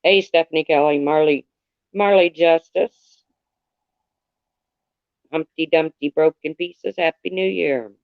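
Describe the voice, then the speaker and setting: A man's voice: on the high side, fairly even intonation, normal speed, gravelly, hardly any pauses, no room sound, muffled recording. A man livestreaming in casual chat, rambling candidly and greeting viewers by name.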